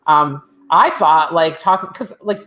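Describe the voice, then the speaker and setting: Low-voiced frank woman podcaster. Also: a little slow, fairly bright tone. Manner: frank, chatty, laughs easily, swears casually. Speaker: podcast co-host. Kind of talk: casual chat.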